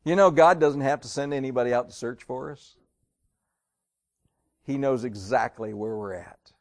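A man preaching an evening sermon, reading old-style scripture aloud and telling stories, swinging between loud emphasis and quiet, slowed lines. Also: medium pitch. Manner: reads King James verses aloud, dramatic storytelling.

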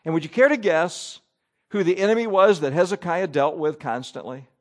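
A man preaching a sermon, reading scripture and explaining it with animated emphasis. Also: a little high, moderate pace. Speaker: pastor.

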